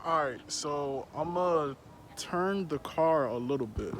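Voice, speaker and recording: A man's voice: fairly high pitch, expressive, slow pace, background noise. A young man vlogging casually while working on his car, with loose slangy talk and a bit out of breath under a mask. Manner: laid-back slangy talk. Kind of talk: casual vlog narration.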